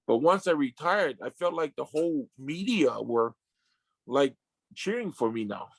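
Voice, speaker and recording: A man's voice: fairly high pitch, lively intonation, a little slow, creaky, breathy edge, no echo. 50s guy telling his story on a podcast, keeps restarting, dry close mic. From Samoan family. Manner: emotional, repetitive restarts, casual slang. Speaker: guest, retired sumo wrestler. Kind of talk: candid interview storytelling.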